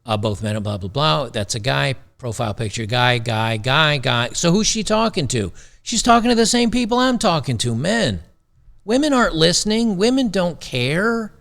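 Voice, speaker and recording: Gravelly, blunt sarcastic male host. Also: fairly high pitch, lively intonation, normal speed, a bit bright. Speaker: show host. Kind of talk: commentary reacting to a video clip.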